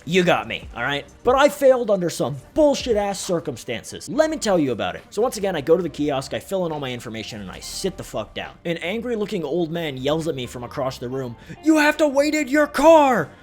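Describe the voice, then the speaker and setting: A man's voice: fairly high pitch, very animated, fast, few pauses. A young man from Canada telling a profane, rambling comedic story over gameplay. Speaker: gaming channel host. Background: faint background music.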